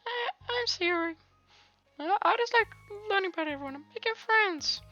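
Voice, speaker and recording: A man voicing a cheerful, bubbly teenage girl in a high falsetto voice, stammering eagerly. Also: expressive, normal speed, pushed and bright, lo-fi sound, faint music behind, exaggerated voice.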